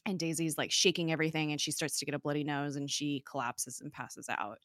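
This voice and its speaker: A woman's voice: low-pitched, fairly quick, fairly bright tone, no room sound, clean studio sound. A woman casually recapping a TV episode, chatty and full of fillers, laughing often. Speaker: podcast co-host recapping a TV episode.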